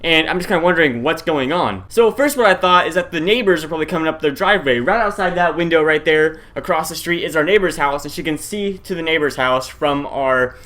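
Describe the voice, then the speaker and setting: Lively young man telling a story. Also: on the high side, a little fast, few pauses. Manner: animated, addresses viewers as guys, shouts at tense moments. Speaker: vlogger. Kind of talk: casual storytelling to camera.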